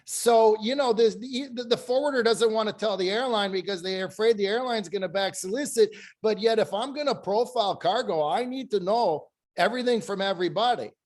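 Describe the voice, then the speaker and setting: Male panelist, a storyteller who voices the people he quotes, slightly high-pitched. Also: brisk, few pauses. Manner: storytelling, acts out quoted dialogue. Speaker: panel guest. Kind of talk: anecdotal panel discussion.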